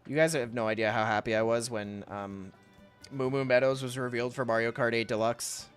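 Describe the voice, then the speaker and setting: Young male streamer, smooth clear tone, mid-pitched, loose rambling chat over soft music. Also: steady tone, fairly quick. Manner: rambling, chatty, reads chat aloud, often laughs. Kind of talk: casual livestream chat while drawing.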